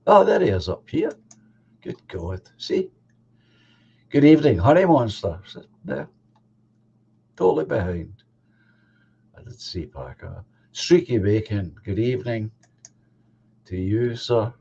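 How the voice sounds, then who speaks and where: A man's voice: lowish voice, lively intonation, measured pace, creaky, long pauses, warm tone, breathy edge. Scottish man hosting a live stream. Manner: easygoing, greets chat viewers. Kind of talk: casual chat. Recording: dull lo-fi audio.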